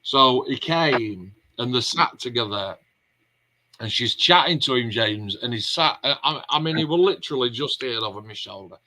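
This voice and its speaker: Bright-voiced man telling rambling anecdotes. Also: mid-range voice, animated, normal speed, rough recording. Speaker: vlog host. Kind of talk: casual chat.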